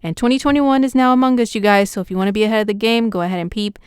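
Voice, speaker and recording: A young woman astrologer chatting casually about the week's horoscope in an excitable, slangy way. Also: mid-range voice, rapid-fire, clean tone, no echo, studio quality.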